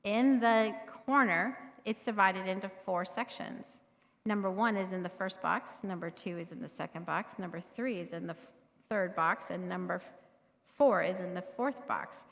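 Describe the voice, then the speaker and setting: A woman's voice: medium pitch, moderate pace, a bit bright. A middle-aged woman leading a parenting workshop, talking conversationally to the audience and often checking in with "right?". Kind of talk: live workshop talk to an audience. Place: church meeting room. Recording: long hall reverb.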